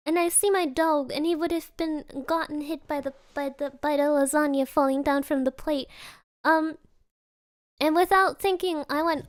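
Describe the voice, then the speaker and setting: A young woman streamer chatting casually, laughing often and sprinkling Japanese words into her talk. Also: high-pitched.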